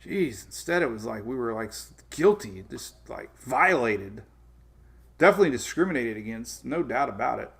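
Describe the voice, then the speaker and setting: A man hosting a weather show, chatting casually and telling an animated story with many restarts and laughs. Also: mid-range voice, normal speed, gravelly, husky. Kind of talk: casual livestream chat.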